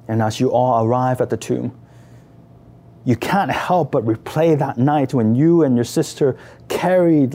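A prayer leader with a warm, mid-range voice guides an imaginative meditation. He tells the story emotively, addressing the listener in the second person.

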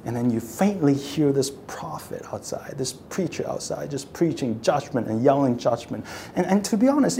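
Dramatic preacher, hushed to raised. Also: mid-range voice. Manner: repeats phrases for emphasis. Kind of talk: sermon.

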